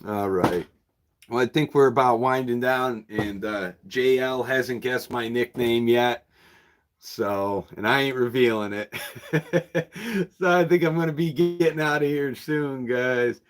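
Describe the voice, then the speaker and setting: This man, who owns a used bookshop, has an unhurried mid-range voice. He chats with livestream viewers in a casual, rambling way, frequently chuckling.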